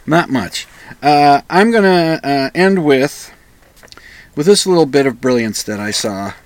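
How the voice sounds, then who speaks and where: A man's voice: fairly high pitch, lively intonation, slow, pauses often, no echo. A man hosting a solo podcast, rambling and pedantic, often restarting and correcting himself. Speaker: podcast host.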